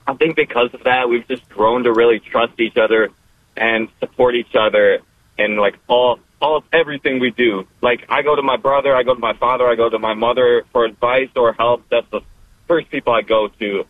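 A young man of college age calling in, relaxed and casual, with frequent fillers. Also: medium pitch, fairly quick, dry recording. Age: 20s. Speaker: caller. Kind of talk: casual call-in chat. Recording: tinny phone line.

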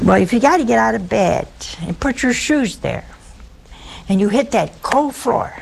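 A woman's voice: medium pitch, expressive, moderate pace, creaky, background noise. A woman giving a humorous sermon in a folksy, teasing way, acting out everyday anecdotes for her listeners. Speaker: preacher.

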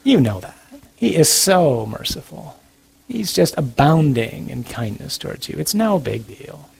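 A man voicing a sly little devil on someone's shoulder, speaking softly and coaxingly to reassure and tempt. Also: on the high side, very animated, unhurried, vocal fry, exaggerated voice. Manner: soft, coaxing, wheedling. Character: sly soothing male devil whispering on a shoulder.

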